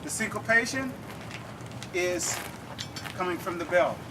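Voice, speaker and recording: A man's voice: sits high, expressive, a little slow. A man teaching drum rhythms to a group in a lecture-demonstration, explaining step by step and often checking in with "okay?". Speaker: drum instructor. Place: outdoor campus event. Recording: distant mic, clear outdoor noise.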